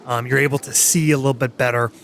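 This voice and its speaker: Guy running a tabletop game, lots of ums and restarts, mid pitch, faint hiss. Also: fairly even intonation, a bit bright. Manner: halting, many fillers and restarts. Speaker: game master.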